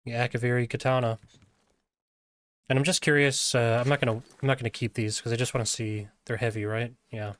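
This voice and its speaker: A man's voice: mid-range voice, little pitch movement, a little fast, a bit bright. A man streaming a fantasy video game, chatting casually and laughing easily as he plays. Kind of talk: casual gameplay commentary.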